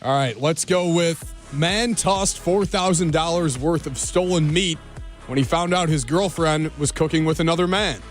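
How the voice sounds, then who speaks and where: A male radio co-host reads a quirky news item in a slightly high voice, dropping puns with a wry touch. A faint music bed sits under the read. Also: normal speed. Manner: wry, punning storyteller.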